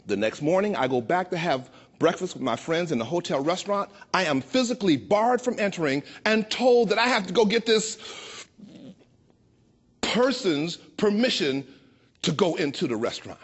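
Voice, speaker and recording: A man in his sixties from Chicago, telling a personal story with a playful, expressive delivery that slows down for emphasis. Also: sits high. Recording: dull lo-fi recording.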